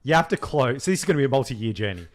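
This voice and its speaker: A man's voice: mid-range voice, sing-song, racing. A young man holds forth on a casual podcast in an ordinary mid-range voice. He is blunt and swears freely. He tells stories with animation and ribs his co-host. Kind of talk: casual chat.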